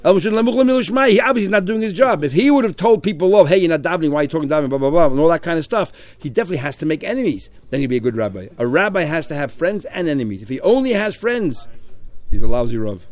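Man, talmud teacher, rapid-fire, slightly high voice. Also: sing-song, darkish tone, dry recording. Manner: rapid, translating Aramaic phrase by phrase. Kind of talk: Talmud class explanation.

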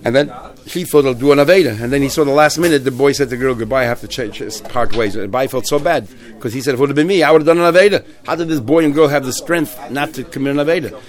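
A man teaching a Talmud class, retelling stories in a lively, halting way with many restarts. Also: medium pitch. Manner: animated storyteller, many restarts and fillers.

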